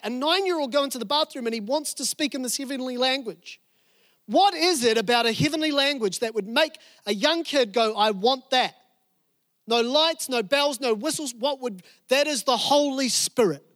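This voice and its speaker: A man preaching a sermon, telling a personal story with animated emphasis and repeated phrases. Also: high voice, dry recording, clean studio sound. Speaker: pastor. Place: church service room.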